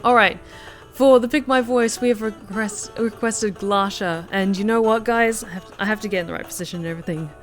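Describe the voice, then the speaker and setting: A woman's voice: medium pitch, fairly even intonation, a little fast, few pauses. A woman streamer chatting casually through live gameplay, thanking viewers by name. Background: music.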